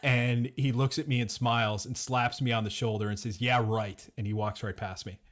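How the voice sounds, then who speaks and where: A man's voice: mid-range voice, fairly even intonation, fairly quick, fairly bright tone. Male host, casual and chatty, pokes fun at himself, mid-range voice. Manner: chatty, self-deprecating, laughs often. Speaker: podcast host. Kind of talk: casual podcast chat.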